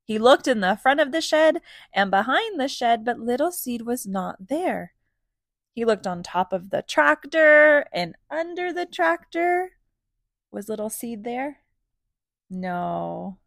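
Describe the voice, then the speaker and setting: A woman reading a children's picture book aloud, gentle and animated, pausing to ask questions. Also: on the high side, gravelly, no echo, clean studio sound. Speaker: storybook reader for children.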